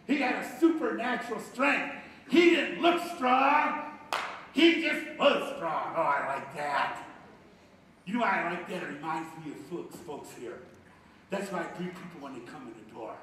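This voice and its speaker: A male pastor from Ohio preaching a sermon, swinging between loud bursts and hushed asides. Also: a little high, animated, normal speed, far from the mic, slight background noise. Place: church sanctuary. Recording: echoey hall, picked up from afar.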